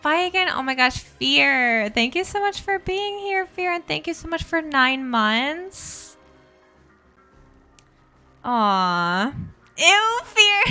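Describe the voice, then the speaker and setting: Giggly, animated woman streamer. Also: high voice. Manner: giggly, chatty, greets and thanks viewers. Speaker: live streamer. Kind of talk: casual live game stream chat.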